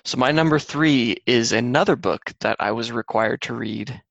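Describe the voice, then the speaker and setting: A man's voice: mid-range voice, moderate pace, vocal fry, fairly bright tone, no echo, lo-fi sound. A man co-hosting a podcast, talking casually and rambling a little about books, with plenty of fillers. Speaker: podcast co-host. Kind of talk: casual chat.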